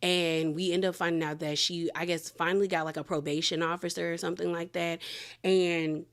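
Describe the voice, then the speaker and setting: A woman hosting a casual reality TV review, telling it in a chatty, colloquial, animated way full of slang. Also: fairly low pitch, a little fast. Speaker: reality TV recap host.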